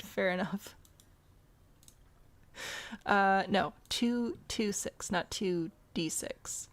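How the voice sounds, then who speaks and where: A woman's voice: mid-range voice, drawn-out words, long pauses. A woman chatting casually through a zoo-building game, thinking aloud and talking back to the animals. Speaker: game streamer. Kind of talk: casual let's-play commentary.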